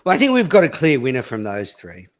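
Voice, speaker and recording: A man's voice: medium pitch, huge pitch swings, quick pace. A man hosting a podcast in casual, blunt, profane chat. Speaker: podcast host.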